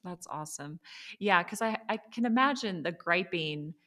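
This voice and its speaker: A woman's voice: on the low side, lively intonation, normal speed. A woman hosting a casual faith podcast chat, affirming her guest often and asking questions. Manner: warm affirming, frequent "yeah" and "so good". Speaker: podcast host.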